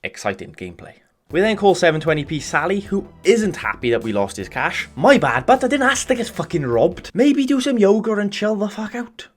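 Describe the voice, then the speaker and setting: A British man giving sweary, sardonic comedic voice-over commentary on a game. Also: medium pitch. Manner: sardonic, sweary deadpan jokes. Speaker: gaming YouTuber.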